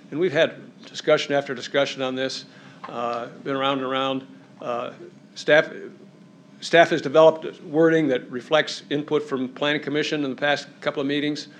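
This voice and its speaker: A man's voice: medium pitch, a bit bright, slight background noise. A man giving public comment at a county meeting, hesitant with frequent fillers.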